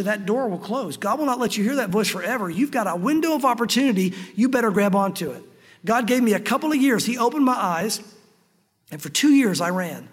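A pastor preaching a sermon earnestly, slowing down to stress key phrases. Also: male voice, sits high, husky, big-room sound.

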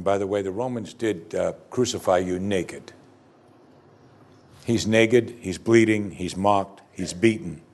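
A pastor with a low-pitched, darkish voice preaches a sermon earnestly and emphatically. He repeats key phrases and breaks into conversational asides between scripture readings.

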